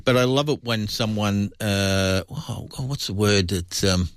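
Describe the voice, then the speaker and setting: A man's voice: fairly low pitch, unhurried, no echo, studio quality. A man co-hosting a radio show, chatty and playful, reading out trivia. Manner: chatty, playful, slips into silly voices. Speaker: radio co-host. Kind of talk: casual radio chat.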